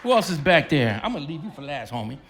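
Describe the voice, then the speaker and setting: A man's voice: on the high side, sing-song, fast talker, fairly bright tone, a little hiss or hum. A man emceeing his band on a festival stage, joking and teasing the crowd through a stage microphone. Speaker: bandleader and emcee. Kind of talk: live stage banter.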